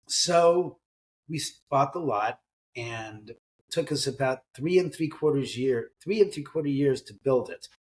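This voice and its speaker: A man's voice: medium pitch, a little slow. A middle-aged man, an author, telling ghost stories in a casual interview, acting out quoted voices and swearing now and then. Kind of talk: conversational storytelling in an interview.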